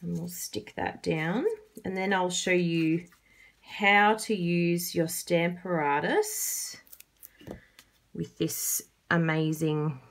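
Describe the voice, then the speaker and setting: A woman's voice: on the low side, steady tone, slow pace. A woman with an Australian accent giving a chatty, casual card-making tutorial, laughing often.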